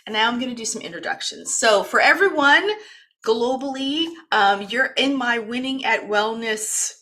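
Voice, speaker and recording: Bright-voiced chatty woman host. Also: on the high side, normal speed. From East Coast of the United States. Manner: chatty, talkative, laughs often. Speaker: wellness program host. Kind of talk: casual livestream introduction.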